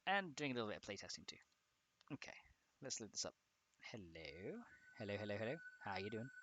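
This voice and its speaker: A man's voice: on the low side, very animated, a little fast, sharp tone, a little hiss or hum. A young man streaming, talking himself through fixing a game mod and chatting with viewers. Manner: muttering to himself while troubleshooting, chatty with viewers. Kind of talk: casual livestream commentary while modding.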